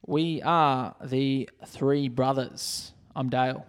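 A man's voice: mid-range voice, fairly even intonation, slow, clean tone. A man with an Australian accent co-hosting a podcast, teasing the others sarcastically in casual banter. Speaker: podcast co-host.

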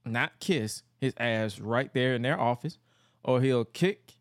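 A man co-hosting a podcast, casually recapping an old wrestling show, animated and laughing often. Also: takes it slowly, no echo, clean studio sound. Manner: animated storyteller, laughs often, jumps into high mocking voices for quotes. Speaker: podcast co-host.

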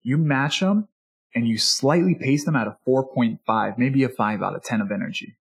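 An energetic, enthusiastic man teaching as a speaking coach in a motivational podcast talk, sometimes acting out a customer and a salesperson. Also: mid-range voice, moderate pace, vocal fry. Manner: energetic and enthusiastic, animated delivery; acts out customer and salesperson dialogue.

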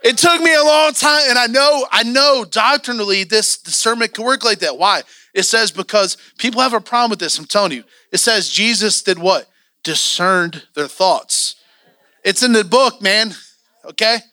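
A man's voice: sits high, normal speed, sharp tone, no echo, clean studio sound. A man teaching a church training class, candid and joking, acting out the voices he quotes.

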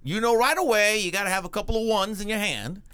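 A man co-hosting a podcast in casual chat, quick and playful, putting on voices in his stories. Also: sits high, bright, forceful tone, clean tone, dry recording. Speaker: podcast co-host.

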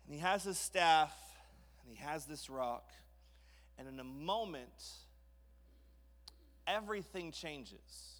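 A male guest preacher telling a Bible story in a joking, animated way. His voice sits high and bright, and a long church reverb trails behind every phrase. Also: takes it slowly, long pauses. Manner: playful, jokey, acts out scenes. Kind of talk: sermon, storytelling. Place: church sanctuary.

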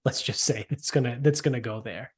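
His mid-range voice is slightly rough and fairly quick. A co-host of a casual podcast from around Boston, he rambles, curses freely, and says "like" constantly.

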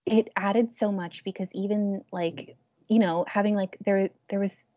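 A woman's voice: mid-range voice, fairly even intonation, measured pace, mellow, no echo. Young woman, casual book chat, filler-heavy; dry, dull-sounding recording. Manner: chatty, heavy use of filler "like". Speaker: book club member.

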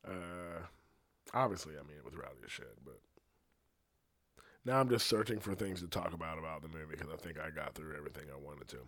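A young man, a singer, in a rambling casual monologue, swearing freely and jumping between excitement and low asides. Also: fairly quick. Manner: profane, excitable, rambling with restarts. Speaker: singer ranting to camera.

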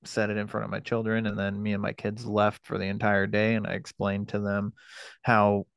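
Podcast guest, man in his thirties, low-pitched, halting storyteller who swears a lot, close and dry sound. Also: completely flat delivery, gravelly, clean tone, no echo. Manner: halting, profane, frequent fillers and restarts. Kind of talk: personal storytelling.

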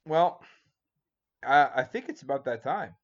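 A man's voice: mid-range voice, lively intonation, measured pace. Playful teasing man, muffled sound. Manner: playful, teasing, filler-heavy. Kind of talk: casual chat.

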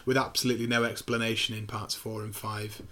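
Animated man retelling a film. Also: fairly low pitch. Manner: animated retelling, acting out scenes in quick impressions. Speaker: podcast co-host. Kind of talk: casual film review chat.

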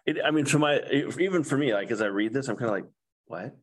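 Lively, chatty man musing on scripture. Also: medium pitch, rapid-fire. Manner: rambling, chatty, full of fillers; playfully dramatic in mock laments. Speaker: co-host of a scripture discussion. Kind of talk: casual Bible discussion.

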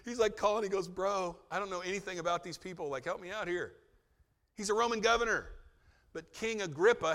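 Male pastor, slightly high, bright tone, chatty sermon with jokes, long hall reverb. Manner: conversational, joking asides, acts out quotes.

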